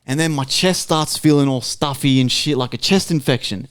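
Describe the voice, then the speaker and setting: A man's voice: mid-range voice, moderate pace, clean tone, dry recording. Swearing Australian man telling a story. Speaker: podcast host. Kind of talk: casual chat.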